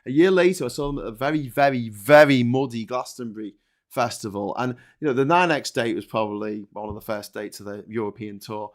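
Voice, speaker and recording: A man hosting a casual chat, recalling concerts in a relaxed, wry way. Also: medium pitch, fairly quick.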